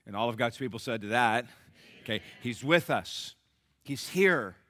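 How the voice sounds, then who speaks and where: Preaching to his congregation and prompting their responses, a man alternates loud, forceful bursts with quiet, gentle stretches. He speaks at normal speed in a steady, mid-range voice, recorded with no room sound.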